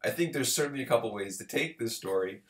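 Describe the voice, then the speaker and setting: A man's voice: medium pitch, lively intonation, fast, a bit bright. A man giving a recorded literature lecture in a conversational way, often checking in with the listener. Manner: conversational, checks in with "right?" and "okay". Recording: roomy echo.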